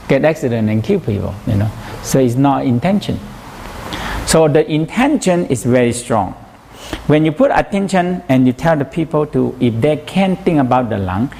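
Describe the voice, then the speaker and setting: A man's voice: mid-range voice, creaky, darkish tone, a little hiss or hum. A man teaching a massage workshop in broken English, often asking "you know?".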